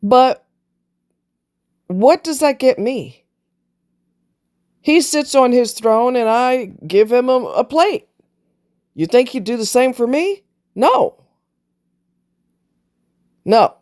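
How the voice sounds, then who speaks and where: A woman's voice: a little high, expressive, slow, long pauses, darkish tone. A woman delivering a blunt, emphatic, preachy monologue on relationships, casually swearing as she makes her points. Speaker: relationship commentator. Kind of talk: opinionated monologue.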